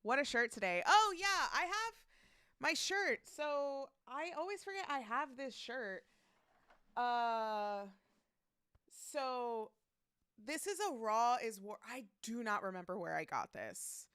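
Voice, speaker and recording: A woman's voice: on the high side, expressive, takes it slowly, fairly bright tone, smooth, dry recording, clean studio sound. A woman streaming live, chatting casually, reading out chat messages and greeting viewers by name, laughing often.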